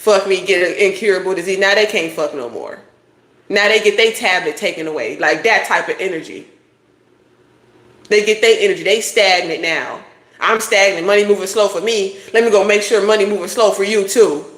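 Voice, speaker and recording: A woman gives a tarot reading in a blunt, preachy voice, swearing freely as she lectures. Her pitch sits in the middle, and the sound carries an echo from the room around her. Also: brisk, fairly bright tone. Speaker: tarot reader. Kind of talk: casual tarot reading monologue.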